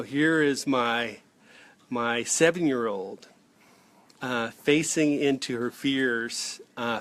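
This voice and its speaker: A man's voice: mid-range voice, fairly bright tone. A man in his forties, a leadership coach talking casually to camera in an earnest, rambling way with lots of fillers and restarts. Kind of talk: casual direct-to-camera vlog.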